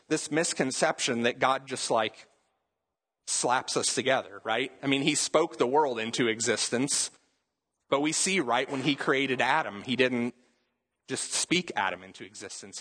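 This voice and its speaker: A young adult man preaching a sermon in a relaxed, conversational way, full of casual asides. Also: mid-range voice. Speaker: pastor.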